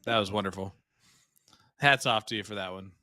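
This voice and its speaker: A man's voice: fairly low pitch, brisk, bright, forceful tone, no echo, studio quality. A man co-commentating a live darts stream, joking and teasing his partner. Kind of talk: live sports commentary, casual banter.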